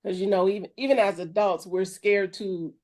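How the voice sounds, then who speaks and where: A woman's voice: mid-range voice, fairly even intonation, normal speed, darkish tone. Chatty woman minister in easy talk. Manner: chatty, loose, with restarts and short laughs. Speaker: minister and podcast co-host. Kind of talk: casual chat.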